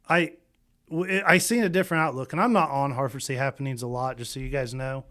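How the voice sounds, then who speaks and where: A man's voice: medium pitch, fast, sharp tone. A man co-hosting a casual local podcast, blunt and teasing, often restarting his sentences. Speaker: podcast co-host.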